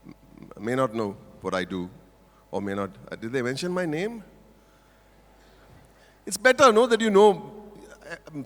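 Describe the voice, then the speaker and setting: A medium-pitched, slightly bright voice belongs to an older man with an Indian English accent, playfully teasing listeners in a humorous speech. He's a motivational speaker on a large auditorium stage at a corporate event, and the recording is reverberant.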